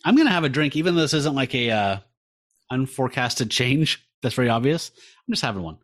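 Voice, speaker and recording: A man's voice: mid-range voice, lively intonation, brisk. A man co-hosting a comic podcast, recapping an issue in a wry, joking way. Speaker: podcast co-host. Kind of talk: casual chat recapping a comic.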